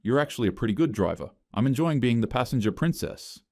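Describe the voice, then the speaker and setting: A man voicing an easygoing, carefree young man in a scripted story, relaxed and enthusiastic. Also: mid-range voice, fast talker, dry recording, clean studio sound. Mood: pleased.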